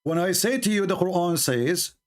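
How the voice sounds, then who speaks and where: A combative man hosting a call-in debate, mocking his callers and repeating phrases for emphasis, his voice going hoarse. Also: high voice, moderate pace. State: losing his voice. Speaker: debate show host. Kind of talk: live call-in religious debate.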